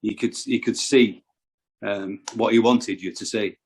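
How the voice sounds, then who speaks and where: Lower-pitched man, hesitant guest on a chat podcast, stumbles over words. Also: fairly even intonation, unhurried, a little mellow, husky. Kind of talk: casual chat.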